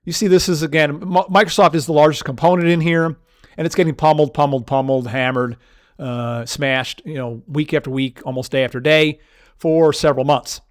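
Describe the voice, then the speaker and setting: A man's voice: fairly high pitch, steady tone, brisk. A man teaching stock market technical analysis, walking through charts and piling up vivid words for emphasis. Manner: emphatic, piles up vivid synonyms. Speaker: market educator. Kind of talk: chart walkthrough lesson.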